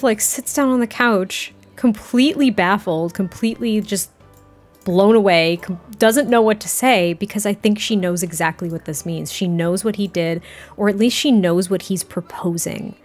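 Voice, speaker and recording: Chatty woman telling a game story. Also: medium pitch. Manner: chatty, many fillers and restarts. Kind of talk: casual story narration.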